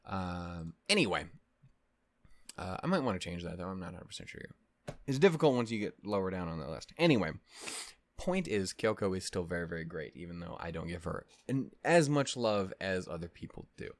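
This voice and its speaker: A man rants in an animated, mock-outraged way, and his pitch swings widely as he goes. He swears freely and rambles, trips over restarts, then circles back to his point. The sound is dry and close, with no room echo. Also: fairly quick. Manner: rambling with many fillers and restarts. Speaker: anime discussion host. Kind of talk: casual rant.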